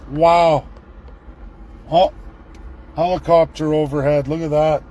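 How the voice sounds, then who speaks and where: A middle-aged man, live-vlogging from a city street on his phone, ranting and repeating excited exclamations. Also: a little high, a little hiss or hum, rough recording. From Canada. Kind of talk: live street vlog commentary. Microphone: handheld phone camera.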